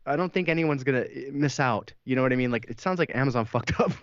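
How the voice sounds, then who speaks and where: A man's voice: medium pitch, fast, no echo. A man co-hosting a podcast, telling a long story in casual chat, swearing freely, laughing often and acting out quotes. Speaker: podcast co-host. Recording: dry, slightly dull mic sound.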